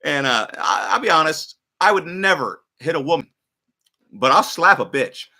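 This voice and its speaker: A man hosting a livestream, telling a story in casual, profane, animated talk. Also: fairly high pitch, normal speed, vocal fry. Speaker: livestream host.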